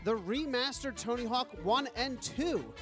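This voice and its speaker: A man with a high-pitched voice co-hosts a casual podcast, chatty and quick to joke. Music plays clearly beneath his talk. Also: animated. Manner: chatty, jokey, trails into laughs. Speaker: podcast co-host. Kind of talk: casual chat.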